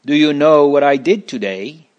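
A man's voice: a little high, moderate pace, darkish tone, muffled recording, pitched above the performer's own voice, natural voice. A man doing a roaring, angry giant. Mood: boastful. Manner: roaring, bossy. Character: huge angry male giant, domineering.

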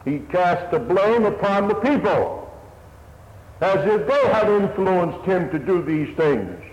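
A man's voice: high-pitched, very animated, slow. A man preaching a sermon in an earnest, old-fashioned manner, his voice swelling and dropping. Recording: echoey hall, dull lo-fi sound, faint hiss.

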